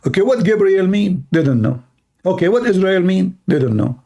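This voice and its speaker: A man's voice: high voice, expressive, normal speed, gravelly, mellow. A man hosting an online talk show, arguing in a sarcastic tone and firing off rhetorical questions. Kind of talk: argumentative commentary.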